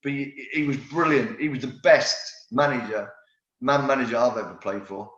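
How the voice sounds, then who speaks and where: A man's voice: mid-range voice, normal speed. A man in his fifties tells rambling stories of his playing days, often restarting mid-sentence. His voice sits in a middle register. The recording is roomy and a little dull. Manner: lively storyteller, rambling with restarts. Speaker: former footballer, podcast guest. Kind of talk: casual anecdote-telling interview.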